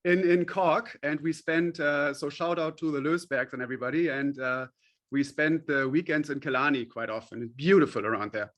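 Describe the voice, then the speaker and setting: A man's voice: fairly high pitch, normal speed, fairly bright tone. A man, a company chief executive, guest on a radio interview, explaining at length in a friendly way with frequent fillers.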